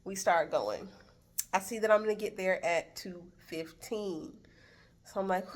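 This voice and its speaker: A woman's voice: mid-range voice, unhurried. A woman vlogging about her trip, telling a story in a casual way and acting out the people she talks to. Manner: animated retelling, acts out quoted exchanges. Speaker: travel vlogger.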